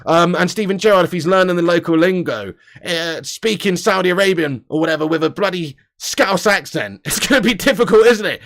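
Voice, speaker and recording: A man hosting a casual live football show with a high-pitched voice. He talks in loose, slangy banter, curses freely, laughs often and answers viewer comments as he goes. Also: a little fast, gravelly, hardly any pauses, a bit bright. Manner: chatty, swears and laughs, reads viewer comments. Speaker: football channel host.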